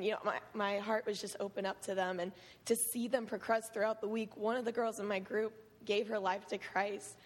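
A hoarse, worn-voiced teenage camp counselor giving an earnest, emotional testimony at church, laughing often. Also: female voice, medium pitch, flat delivery, brisk. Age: late teens. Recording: long hall reverb.

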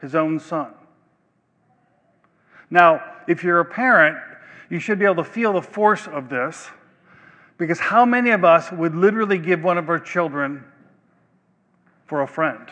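Pastor, male, slightly high voice, deliberate emphatic delivery, church hall reverb. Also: animated, pushed and bright. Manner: slow, emphatic preaching with long pauses. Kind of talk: sermon. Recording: long reverb of a large hall.

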